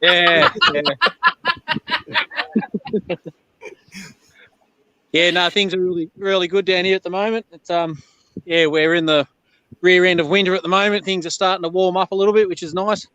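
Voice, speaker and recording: An Australian man talks casually as a guest on a live chat, laughing easily. His voice is bright and a touch high, and the sound is dry and close. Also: steady tone, normal speed, long pauses, clear, resonant tone, no echo. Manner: laid-back, laughs often, says "yeah, no".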